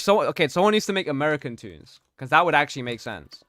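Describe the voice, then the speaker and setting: A man's voice: a little high, lively intonation, fast, few pauses, pushed and bright, no echo, clean studio sound. A young man streaming a game, chatting casually, reading out his chat and laughing often. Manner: slangy, reads chat aloud, laughs often.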